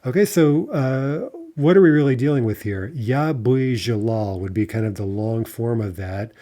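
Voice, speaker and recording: A man talks through a video lesson in a mellow, middle-pitched voice. He explains step by step, peppering his talk with "uh" and checking in with "right?". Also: normal speed. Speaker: language teacher.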